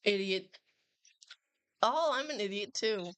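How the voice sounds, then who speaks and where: An excitable woman hosting a live reaction stream, talking in loose slang and swearing often. Her voice sits at a middling pitch. The sound is close and dry, with no room echo. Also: takes it slowly. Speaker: livestream host. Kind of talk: casual live reaction chat.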